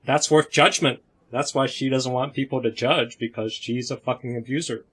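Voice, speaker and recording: Husky-voiced male host, opinionated, casual discussion over a video call. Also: mid-range voice, moderate pace. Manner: opinionated, animated, laughs between points.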